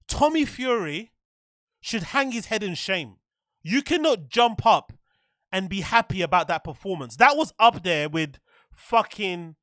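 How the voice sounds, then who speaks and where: A man's voice: high voice, sharp tone, no echo, studio quality. A man hosting a show, ranting in profane, exasperated bursts and repeating himself. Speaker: show host. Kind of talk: ranting commentary.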